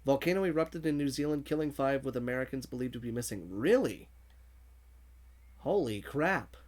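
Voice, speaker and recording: A man's voice: medium pitch, animated, normal speed, darkish tone. A man streaming a video game, chatting casually, reading viewer messages aloud and laughing often. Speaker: gaming streamer. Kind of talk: casual livestream commentary.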